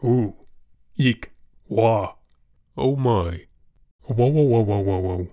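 A voice actor reads sidekick lines in a low, deadpan, flat manner, played by a man. The tone stays understated. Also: slow pace. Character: voice actor reading lines for a small mushroom sidekick, male.

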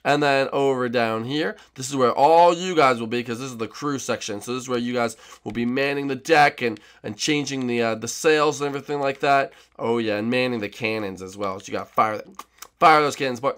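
A man's voice: mid-range voice, brisk, fairly bright tone. A man hosting a gaming channel, narrating playful role-play as a bossy captain.

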